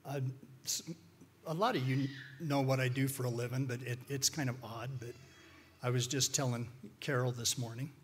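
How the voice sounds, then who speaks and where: A man's voice: mid-range voice, fairly even intonation, moderate pace, husky. A man speaking as a guest speaker, telling stories in a folksy, rambling way with many restarts and fillers. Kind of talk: informal church talk with storytelling.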